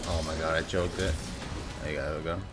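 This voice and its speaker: A man giving live gameplay commentary, excitable and profane, breaking into sudden yells. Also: rumbling low, fast talker, over loud music. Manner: excitable, swearing, bursts into yelling. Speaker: gameplay streamer.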